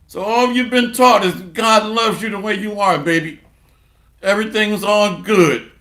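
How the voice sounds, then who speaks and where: A man preaches a sarcastic sermon packed with repeated refrains, moving from low muttering to loud bursts and reading scripture aloud. He keeps a measured pace, and the sound is reverberant.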